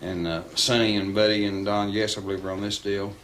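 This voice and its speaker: A man's voice: fairly low pitch, level tone, a little fast, fairly bright tone, a little hiss or hum. A man telling a rambling anecdote in an interview, with many fillers. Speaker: interviewee recalling a friend.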